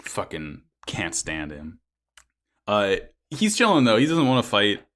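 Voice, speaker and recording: A man's voice: on the low side, wildly swooping pitch, unhurried, a bit bright. A man co-hosting a casual podcast, recapping an episode in a joking, swearing way. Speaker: podcast co-host. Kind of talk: casual anime recap chat.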